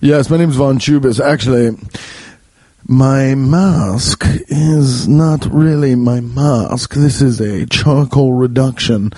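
A man's voice: mid-range voice, steady tone, takes it slowly, mellow, breathy edge, no echo. A man voicing a fussy male city raccoon who talks like a pompous old man. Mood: prissy. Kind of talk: comedy podcast storytelling.

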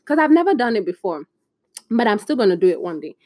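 Young woman telling a lively story. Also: medium pitch, quick pace, no room sound, clean studio sound. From Nigeria. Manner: animated, acts out quoted voices. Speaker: podcast host. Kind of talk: casual storytelling.

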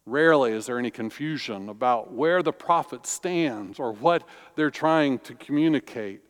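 A man preaching a sermon as pastor, slow and deliberate with emphatic pauses. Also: medium pitch. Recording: long reverb of a large hall.

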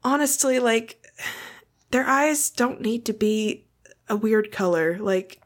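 A woman co-hosting a podcast in casual chat, blunt and quick to swear and laugh. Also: fairly high pitch. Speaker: podcast co-host.

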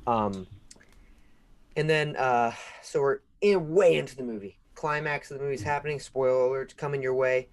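Speaking at normal speed in a mid-range voice, this young podcast co-host animatedly tells a story in casual conversation, shouting out the voices of the people he quotes.

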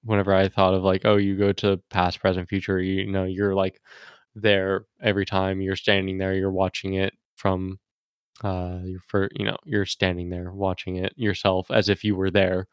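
A man's voice: low voice, completely flat delivery, normal speed, clean tone, dry recording, clean studio sound. A man appearing as a guest on a casual podcast, talking hesitantly with many fillers and restarts.

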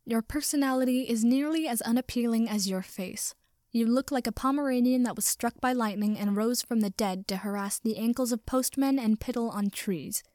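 A woman's voice: fairly high pitch, normal speed, mellow, no room sound, studio quality, close to an everyday voice. A woman voicing a pompous, formal young man who speaks with stiff precision. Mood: blunt.

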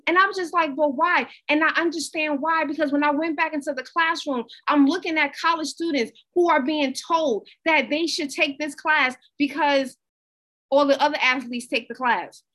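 Lady w a high voice doing a pep talk, chatty and lively, repeats stuff for emphasis. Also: moderate pace, poor audio. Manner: conversational, animated, repetitive. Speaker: motivational speaker. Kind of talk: inspirational talk.

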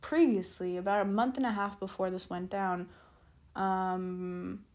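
Here the storytime vlogger's mid-range voice is unhurried and darkish, with a steady tone. She tells her story in a loose, wandering way, full of "like" and "keep in mind" asides, backtracking each time the thread gets away from her.

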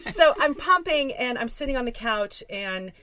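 A woman in her thirties telling a profane, animated story about motherhood in a casual group chat. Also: a little high, moderate pace, over a noisy crowd. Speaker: performer and guest.

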